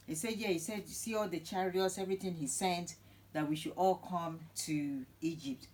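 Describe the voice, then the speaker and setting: Low-voiced woman retelling a Bible story. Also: normal speed, poor audio. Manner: lively storytelling, acting out the characters' lines. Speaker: Bible teacher.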